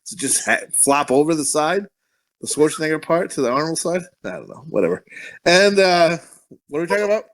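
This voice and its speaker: A man's voice: on the high side, animated, fairly quick, a bit bright. A man co-hosting a movie review podcast, joking crudely with lots of swearing and frequent laughter. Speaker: podcast co-host. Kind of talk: casual movie review chat.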